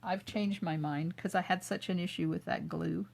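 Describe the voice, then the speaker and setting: A woman's voice: lowish voice, fairly even intonation, normal speed, creaky, a little mellow. An older woman hosting a live craft demo. She narrates each step as she works and chats back to viewer comments. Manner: chatty, answers viewer comments while working. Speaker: craft video host. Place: home craft room.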